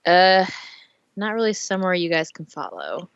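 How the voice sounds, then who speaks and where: Low gravelly woman, halting and hesitant, tabletop player, dry muffled mic. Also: sing-song, no room sound. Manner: hesitant, halting with many fillers. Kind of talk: tabletop role-play over voice chat.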